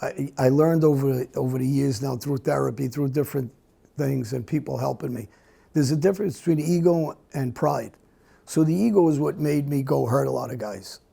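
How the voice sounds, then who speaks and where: A middle-aged man, an interview guest, speaking bluntly in a halting way with many restarts. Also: medium pitch, gravelly, dark tone, husky. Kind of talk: candid conversational interview.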